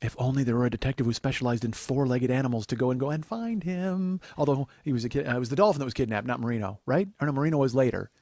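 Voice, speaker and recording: A man's voice: medium pitch, rapid-fire, hardly any pauses, darkish tone, dry recording. A man hosting a comedy podcast, rambling in casual chat, making fun of himself and slipping into silly voices. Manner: rambling, self-mocking, slips into silly voices. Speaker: podcast host. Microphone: close studio mic.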